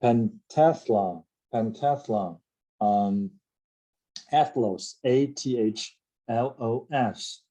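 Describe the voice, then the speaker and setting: A man teaching an English vocabulary lesson, explaining word roots, spelling words out letter by letter and often checking with "right?" between pauses and filler sounds. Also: medium pitch, dark tone, rough recording.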